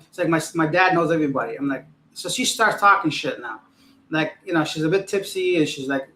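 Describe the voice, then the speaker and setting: A man's voice: high-pitched, roomy sound, low-quality recording. A young man casually telling a rambling, profane story to his livestream audience as host. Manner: rambling, profane, animated retelling.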